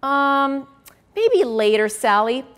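A woman voicing an eager young boy frog in a bedtime storybook, with a higher, bouncy delivery. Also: big pitch swings, slow, fairly bright tone, clear, resonant tone, exaggerated voice.

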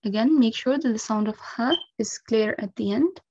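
A woman's voice: fairly high pitch, moderate pace, darkish tone, breathy edge, no room sound, highs cut off. A woman teaching recitation rules, explaining each step patiently and carefully with frequent 'um' and 'okay'. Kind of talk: instructional lesson.

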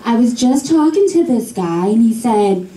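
A young woman with a Boston accent doing a stand-up comedy set with slow, deadpan delivery on a club stage. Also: on the high side. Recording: echoey club from far off, faint noise.

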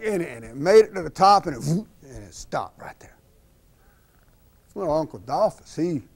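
Animated folksy male storyteller. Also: fairly high pitch. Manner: animated, laughs at his own story, acts out sound effects. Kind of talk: folksy tall-tale storytelling.

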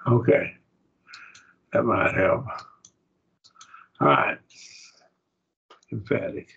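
A man's voice: mid-range voice, extremely slow, gravelly, breathy edge, narrow, tinny audio. A man with an Oklahoma accent teaching a Bible class in a classroom, talking casually and quizzing his students.

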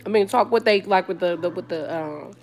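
A woman's voice: lowish voice, brisk, over music. Chatty woman from Wisconsin vlogging at home. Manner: chatty, reads viewer comments aloud, eats between words. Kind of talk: casual live-stream chat while eating. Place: at home, indoors.

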